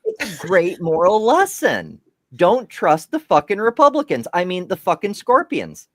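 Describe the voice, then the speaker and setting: A man in the middle of a casual podcast panel chat. He tells stories in a lively, swearing rush, his pitch swinging widely from line to line. The sound is dry and close, with no room around it. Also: measured pace, no room sound. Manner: profane, animated storytelling. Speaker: podcast co-host.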